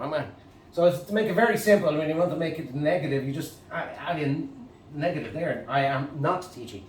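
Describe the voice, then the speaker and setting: A man with an Irish accent, teaching an English grammar lesson to camera, halting and full of fillers and restarts. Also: fairly high pitch, slight background noise. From Ireland. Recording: echoey room, mic at a distance.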